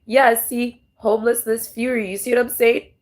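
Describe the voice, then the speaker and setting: A woman's voice: a little high, little pitch movement, normal speed, a little hiss or hum. A woman tarot vlogger talking to camera in a raw, rambling, emotional monologue, swearing often and restarting her sentences.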